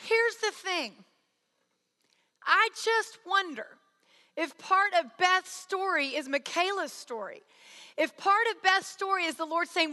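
A woman's voice: very high voice, animated, slow, sharp tone. A woman giving an earnest sermon, telling a personal story and acting out the people she quotes. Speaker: speaker. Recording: long hall reverb.

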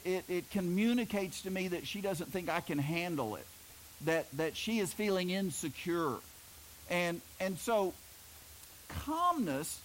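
A middle-aged pastor from Oklahoma preaches a sermon, telling folksy, homespun stories and joking with the congregation. His voice is high, and the audio is poor, with a little hiss or hum.

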